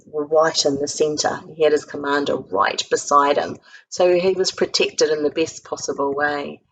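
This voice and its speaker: A woman with a New Zealand accent preaches a sermon in a low voice with a gravelly edge. She tells the story with energy and raises her voice to act out each quoted line. A faint hiss sits under the recording. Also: low-quality recording. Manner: lively storytelling, acting out quoted lines with a raised voice. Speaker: guest speaker. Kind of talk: sermon retelling a Bible story. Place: home recording for an online church service.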